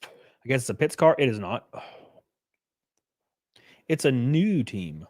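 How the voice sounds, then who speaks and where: A man's voice: mid-range voice, big pitch swings, slow pace, a little mellow, dry recording, studio quality. A young man chatting casually on a live stream, reading chat aloud with loose, jokey slang.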